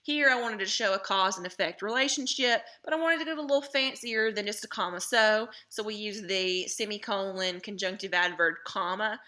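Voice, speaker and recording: A woman teaching a recorded grammar lesson, taking her time and leaning on key terms. Her voice is bright and forward, pitched in a middle range. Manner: explains slowly and patiently, stresses key terms.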